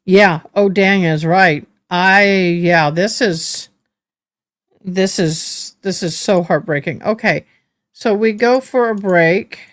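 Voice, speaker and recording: A woman hosting a live stream, giving casual commentary in a halting way and repeating words when she is moved. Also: mid-range voice, no room sound, studio quality.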